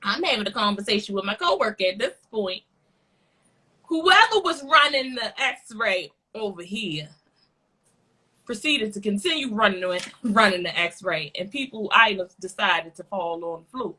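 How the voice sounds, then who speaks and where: Forceful, husky woman telling a story. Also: medium pitch, moderate pace. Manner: animated, profane storytelling. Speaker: podcast co-host. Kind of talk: casual storytelling chat.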